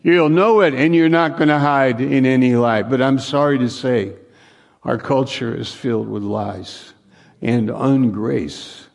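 A man's voice: medium pitch, unhurried, gravelly. A man preaching a conversational sermon, repeating phrases for emphasis. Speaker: pastor.

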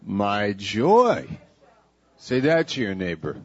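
A man, a pastor leading a sermon, who slowly and playfully coaxes the congregation to repeat words after him. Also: fairly low pitch. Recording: dull lo-fi church recording.

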